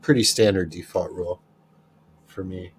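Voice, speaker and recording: A man's voice: sits low, normal speed, slightly rough. A man in a casual chat with friends, laid-back and blunt, cursing now and then.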